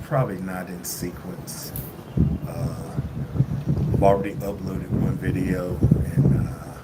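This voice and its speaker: A man livestreaming casually from his phone while traveling, rambling and halting with many fillers and restarts. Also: lowish voice. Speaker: vlogger livestreaming. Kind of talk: casual live-stream chat. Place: indoors at a lodging while traveling. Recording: loud background noise.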